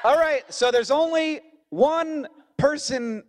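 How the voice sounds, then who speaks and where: An American man from Florida, hosting a live podcast on stage and chatting with a guest, laughing often and leaping up in pitch when he jokes. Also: slow pace, a faint crowd, slight background noise. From Florida, USA. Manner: animated, laughing, jumps high in pitch when joking. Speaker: podcast host. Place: stage at a convention before an audience.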